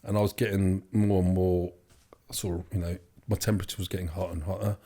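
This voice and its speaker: A man's voice: low voice, little pitch movement, fast, dark tone. A young man telling his story as an interview guest, rambling with many fillers and restarts. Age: young adult. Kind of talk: casual storytelling.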